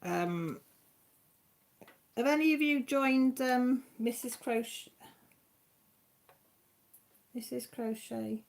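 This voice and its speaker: A woman's voice: fairly high pitch, very slow, gravelly, long pauses. A woman chatting casually to viewers by name on a crafting live stream at home, rambling from one thing to the next.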